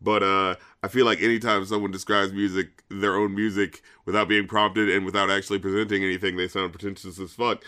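A man's voice: deep voice, flat delivery, a little fast, hardly any pauses, pushed and bright. A man with a Southern US accent hosting a podcast, chatting casually and rambling with lots of fillers. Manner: rambling, heavy on fillers like "you know what I mean". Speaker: podcast host.

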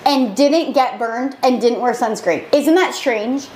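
Slow-talking, high-voiced woman in a roomy space. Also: very noisy. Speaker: podcast co-host. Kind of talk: casual chat. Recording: roomy echo.

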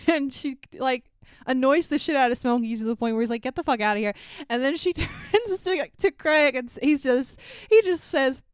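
A woman's voice: high-pitched, moderate pace, no echo, studio quality. A young woman co-hosting a podcast, recapping a movie in casual chat, laughing, swearing and acting out lines. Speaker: podcast co-host.

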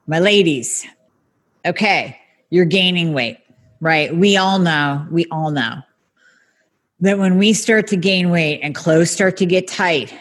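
A woman hosting a health podcast, giving a lively solo talk straight to her listeners, with some mild swearing. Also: fairly low pitch, slow. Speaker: podcast host, functional medicine practitioner. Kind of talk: podcast monologue.

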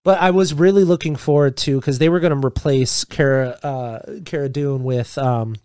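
A man's voice: medium pitch, fairly even intonation, normal speed, darkish tone, clear, resonant tone, no room sound, studio quality. A young man co-hosting a podcast in casual chat, joking, rambling and swearing freely. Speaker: podcast co-host.

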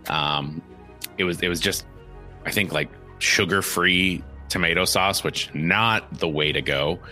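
A man's voice: low-pitched, unhurried, soft background music. A man co-hosting a podcast in casual chat, joking and rambling. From small town. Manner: jokey, animated, rambling. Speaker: podcast co-host.

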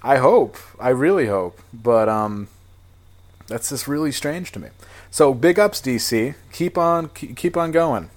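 A man in casual podcast banter, joking and swearing, breaking into laughs and restarting his thoughts. His voice sits at an ordinary middle pitch. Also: expressive, a little slow. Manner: jokey, laughs often, swearing, trails off and restarts. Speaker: podcast co-host. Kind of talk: casual chat.

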